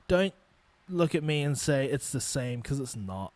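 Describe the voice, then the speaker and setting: This New Zealand man in his twenties has a medium-pitched, slightly mellow voice with big pitch swings and a measured pace, captured dry on a studio mic. Alone on his podcast, he rants bluntly and curses often.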